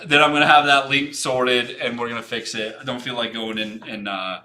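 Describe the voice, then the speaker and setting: A man's voice: mid-range voice, steady tone, normal speed, sharp tone. A young man hosting a design livestream, giving frank, rambling portfolio feedback with many restarts and some casual swearing.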